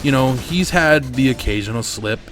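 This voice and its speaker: Gaming host, man, mid-pitched, tells rambling candid stories with plenty of swearing, home desk mic. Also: animated, moderate pace, fairly bright tone, soft background music. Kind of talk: casual storytelling over gameplay.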